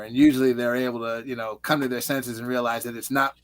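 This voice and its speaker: A man's voice: mid-range voice, level tone, fast. A man from California, a guest in a casual chat, telling stories in an easygoing way with lots of "you know" and "like". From Reseda, California.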